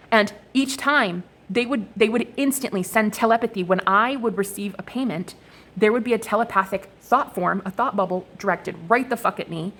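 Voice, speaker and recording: A young woman talking to her viewers in a casual, rambling, profane monologue while reading oracle cards. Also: medium pitch. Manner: profane, expressive, animated storytelling.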